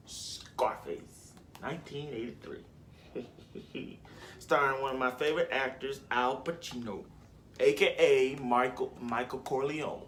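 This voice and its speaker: Young guy rambling about movies, slangy, mid pitch, faint noise behind. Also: big pitch swings, slow. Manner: rambling, slangy, restarts and self-corrections. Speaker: vlogger. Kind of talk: casual movie list chat.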